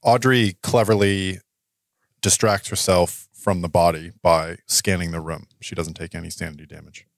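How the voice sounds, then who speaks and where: Deep-voiced hesitant man at the game table. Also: steady tone, normal speed, vocal fry, no room sound, clean studio sound. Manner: hesitant, many fillers. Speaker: player. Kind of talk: tabletop role-play, describing his character.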